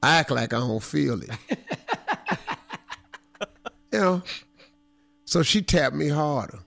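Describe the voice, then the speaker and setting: A man's voice: fairly high pitch, moderate pace, vocal fry, bright, forceful tone, no echo. A middle-aged man, hosting a radio talk show and telling a story with a playful, laughing manner. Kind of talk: storytelling banter.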